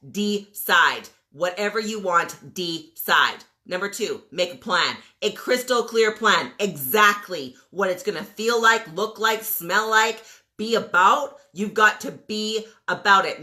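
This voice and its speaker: A woman's voice: mid-range voice, sharp tone. A woman in her forties giving a motivational rant as a coach, emphatic and blunt, firing rhetorical questions and repeating commands. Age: 40s. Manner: blunt, mild swearing.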